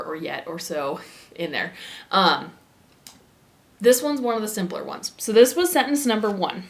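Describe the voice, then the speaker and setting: A woman teacher giving a casual grammar lesson, chatty and playful, with asides to her students. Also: on the low side. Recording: echoey room.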